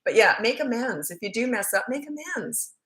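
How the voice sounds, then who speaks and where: A woman's voice: a little high, big pitch swings, normal speed, fairly bright tone. A middle-aged woman, a parenting coach, chatting casually on a livestream and telling stories with frequent laughs. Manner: chatty storytelling, laughs often.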